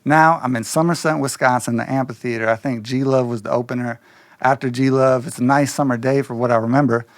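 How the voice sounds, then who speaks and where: A man telling a personal story in loose, slangy, animated casual talk, slipping into quoted voices. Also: mid-range voice, a little fast, no echo, clean studio sound.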